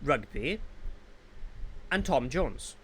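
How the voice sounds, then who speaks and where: A man's voice: mid-range voice, very animated, very slow, crowd noise. A man from Wales hosting a live podcast, bubbly and jokey in casual chat, poking fun at himself. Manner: bubbly, jokey, self-mocking. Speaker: podcast host.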